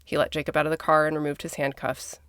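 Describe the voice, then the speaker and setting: A woman's voice: low-pitched, flat delivery, quick pace, fairly bright tone, dry recording, studio quality. A woman from Minnesota co-hosting a podcast, telling a true-crime story casually with blunt, conversational asides. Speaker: podcast co-host.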